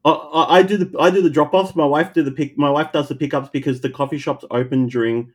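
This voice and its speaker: A man hosting a podcast, with a voice a little higher than most men's. He keeps the chat relaxed and laughs easily as he thanks his guest and winds things down. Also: quick pace. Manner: friendly, laughs easily, wraps up the segment. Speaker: podcast host. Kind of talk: casual chat.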